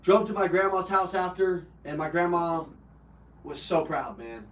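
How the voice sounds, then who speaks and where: His voice sits high, with lively intonation and an unhurried delivery. As host of a live personal development call, the man relates an emotional personal story bluntly, full of swearing and fillers, in a roomy recording made from a distance.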